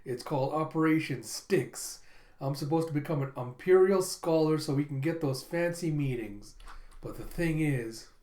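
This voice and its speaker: Brief: earnest little girl, discouraged and flat; a reader voicing her, echoey room. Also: medium pitch, normal speed, natural voice. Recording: roomy echo.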